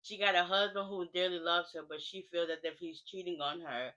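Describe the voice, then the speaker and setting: Bright-voiced woman doing a chatty recap. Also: fairly low pitch, fairly even intonation, fairly quick, rough recording. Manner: chatty, slangy, filler-heavy storytelling. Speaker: TV recap vlogger. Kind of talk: casual spoken recap.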